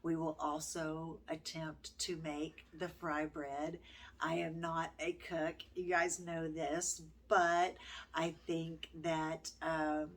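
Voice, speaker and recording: Slow, low-voiced older woman vlogger. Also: level tone. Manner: gentle, heartfelt, halting with many pauses. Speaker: homeschooling grandmother vlogger. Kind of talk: casual vlog talk.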